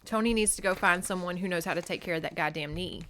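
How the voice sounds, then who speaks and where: A woman hosting a podcast, recapping a book in casual chat; animated and profane, laughing often. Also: on the low side, fast. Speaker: podcast host.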